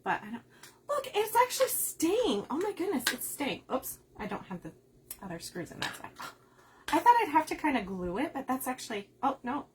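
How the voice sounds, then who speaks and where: Chatty, lively-pitched woman crafting live. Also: normal speed, slight background noise. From Upper Midwest of the US. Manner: chatty, laughs often, reads viewer comments aloud. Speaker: craft livestream host. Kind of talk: casual chat while crafting.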